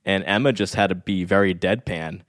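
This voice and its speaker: A low-voiced man in his thirties, a stats expert appearing as a podcast guest, chats enthusiastically and reflectively, rambling over old comedy episodes. His tone is fairly bright at a moderate pace, and the studio sound is clean with no room sound.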